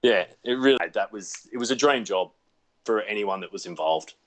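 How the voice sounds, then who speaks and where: This is a relaxed Australian man chatting as a guest from his home over a video call. His voice sits fairly low, and he tells his stories with a self-deprecating, unhurried ease. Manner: laid-back, self-deprecating storyteller. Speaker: actor guest. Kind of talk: casual chat.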